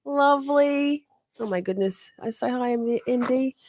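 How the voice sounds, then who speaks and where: A woman's voice: high voice, measured pace, a little mellow, dry recording. A woman hosting a casual livestream from home, greeting viewers by name, chatty and a bit profane. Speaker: livestream host. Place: home, with dogs nearby.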